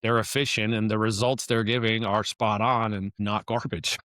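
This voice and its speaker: Male podcast guest, low voice, dry close sound, easygoing explainer. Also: flat delivery, normal speed, fairly bright tone, dry recording. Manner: conversational, restarts and "you know" often. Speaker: construction operations consultant, podcast guest. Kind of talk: casual interview talk.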